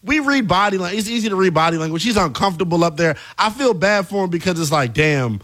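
Animated, chatty male sports host. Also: high voice, quick pace. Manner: animated, conversational, lots of fillers. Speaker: sports talk show co-host. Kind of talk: casual sports debate.

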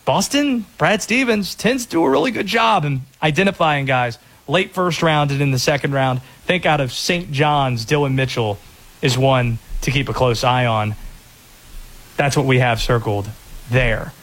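A man hosting a sports talk radio show, bantering quickly about draft picks. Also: medium pitch, fairly bright tone.

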